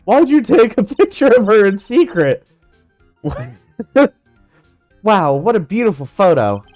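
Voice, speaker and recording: Brief: woman voicing a playful teen girl, low-pitched but lively delivery. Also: normal speed, faint music behind. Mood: teasing. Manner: playful and teasing. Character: cheerful, teasing nineteen-year-old girl. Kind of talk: fan dub of a game.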